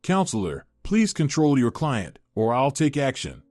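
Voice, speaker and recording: A man voicing a stern, composed woman judge who speaks in a firm, measured way. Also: mid-range voice, wildly swooping pitch, a little mellow, dry recording.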